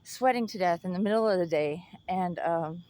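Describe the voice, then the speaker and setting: A woman's voice: fairly low pitch, moderate pace, darkish tone. A young woman telling a personal story in casual chat, blunt and full of swearing, laughing often.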